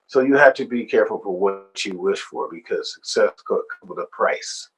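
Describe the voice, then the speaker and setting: A man, a singer-songwriter, being interviewed and telling stories in an animated, expressive way. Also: fairly low pitch, normal speed, husky, low-quality recording. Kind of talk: storytelling interview.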